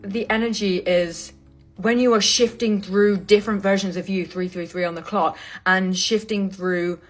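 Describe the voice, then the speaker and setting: A woman reading tarot in a loose, conversational way, tossing in fillers and often searching for the right word as she talks straight to her listener. Her pitch sits in a middle range, and soft music plays faintly underneath. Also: fairly even intonation, moderate pace. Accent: not American. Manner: casual, filler-heavy, searching for words. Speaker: tarot reader. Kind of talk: intuitive tarot reading to camera.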